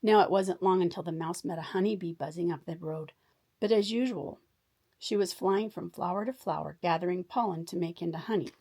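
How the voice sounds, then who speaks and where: A woman reading a children's story aloud in a warm, expressive bedtime storytelling manner. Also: lowish voice, brisk.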